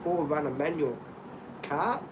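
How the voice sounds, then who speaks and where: A middle-aged Australian man rambling through animated stories in casual chat, often laughing. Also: fairly high pitch, unhurried, background noise.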